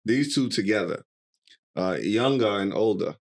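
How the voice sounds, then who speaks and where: A man's voice: lowish voice, expressive, measured pace, a little mellow. A man hosting a podcast, playful and quizzing his guest in casual conversation. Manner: playful, quizzing, laughing often. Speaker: podcast host.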